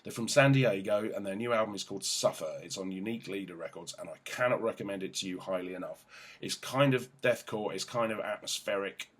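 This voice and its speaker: A man's voice: fairly low pitch, a little fast, a bit bright. A man hosting a casual album review, rambling, enthusiastic and sweary. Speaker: music journalist host.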